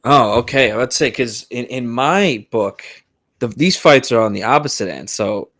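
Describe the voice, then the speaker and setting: A young American man co-hosting a casual sports podcast, talking in a relaxed way with frequent restarts. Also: mid-range voice, a little slow, dry recording, clean studio sound. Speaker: podcast co-host.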